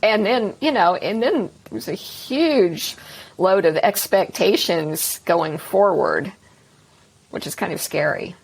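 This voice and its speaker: A woman with a Texan accent answers an interviewer's questions about her writing. Her voice is slightly husky and her pitch sits in a middle range. She talks modestly and pokes fun at herself. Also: lively intonation, slow. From Texas, north of Dallas. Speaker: author guest.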